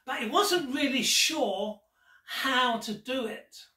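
A man's voice: extremely high pitch, slow pace, sharp tone. A man performing a magic trick while telling a Gospel story, teasing the viewer. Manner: playful and teasing, addressing the viewer. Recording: roomy echo, distant mic.

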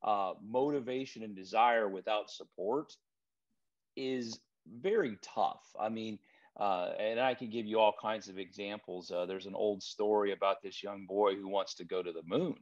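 A man speaking as a guest property trainer in a relaxed interview, telling stories with frequent restarts. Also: fairly low pitch, normal speed. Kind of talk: casual interview chat. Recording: dull lo-fi remote recording.

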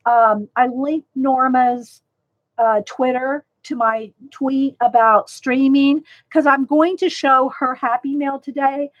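A woman hosting a casual livestream, rambling along and greeting viewers by name. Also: high voice. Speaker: livestream host. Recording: slightly dull lo-fi sound.

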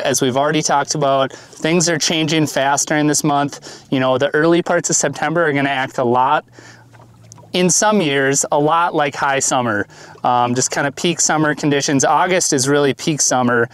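A man's voice: on the high side, moderate pace, a bit bright, smooth. Chatty man giving fishing tips outdoors. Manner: enthusiastic, loose, with many ums and uhs. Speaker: fishing vlogger. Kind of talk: casual instructional talk. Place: outdoors on a boat on a lake.

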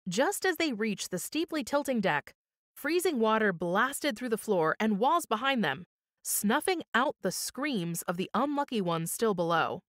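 A woman narrating a children's story with expressive storybook reading, recorded on a close studio mic. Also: fairly high pitch, measured pace, no echo. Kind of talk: scripted narration.

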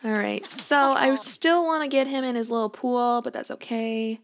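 A woman streams a life-sim game from home, her slightly high voice fairly even in intonation at a moderate pace, with slight background noise. She laughs a lot, chats casually and talks to the on-screen characters.

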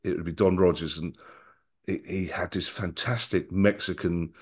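A middle-aged man with a lowish voice tells his memories in a loose, rambling way, often stopping to restart a sentence. He speaks casually as an interview guest. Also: fairly even intonation, moderate pace, darkish tone, slightly rough. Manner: rambling, many restarts and repeats.

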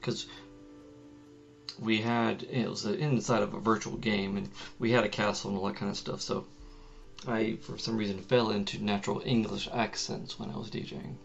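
Male podcast co-host, low gravelly voice, halting delivery, dull lo-fi recording. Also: level tone. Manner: hesitant, halting, restarts a lot. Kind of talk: casual chat. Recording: dull lo-fi sound with faint music.

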